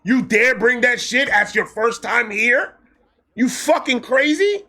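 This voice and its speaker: A man telling a personal story in a casual vlog, excitable, animated and full of profanity. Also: extremely high pitch, takes it slowly. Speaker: storyteller host.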